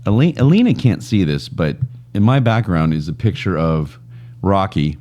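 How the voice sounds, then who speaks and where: Co-hosting a podcast from a studio, this Scotsman has a low, warm voice with big pitch swings and a normal pace. His banter is relaxed and full of self-deprecating jokes and stories.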